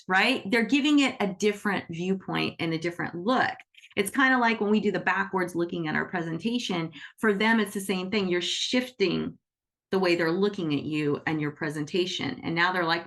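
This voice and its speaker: A woman's voice: medium pitch, moderate pace, fairly bright tone. A woman teaching on a group call, chatty, acting out little quoted conversations and often asking "right?". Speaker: animal Reiki teacher.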